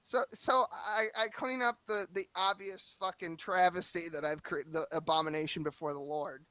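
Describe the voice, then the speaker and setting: A man's voice: high voice, fairly even intonation, normal speed, bright, forceful tone, clear, resonant tone, no room sound. A man around thirty telling a long, crude, profane comic anecdote in casual podcast chat. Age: 30s. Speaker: storyteller guest.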